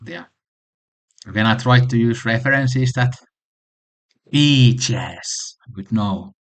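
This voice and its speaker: A man's voice: mid-range voice, slow pace. A man hosting a casual music recommendation vlog, talking enthusiastically and rambling with frequent restarts. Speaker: channel host.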